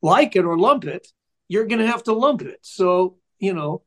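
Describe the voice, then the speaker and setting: A man's voice: high voice, animated, normal speed, a bit bright. An older man, a musician guest in an interview, telling rambling, chatty stories in a casual way.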